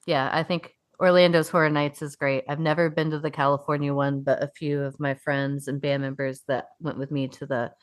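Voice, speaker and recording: A woman's voice: low-pitched, flat delivery, a little fast, hardly any pauses. A woman co-hosting a podcast, chatting casually with many fillers and frequent swearing. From upstate New York. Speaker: podcast co-host. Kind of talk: casual chat.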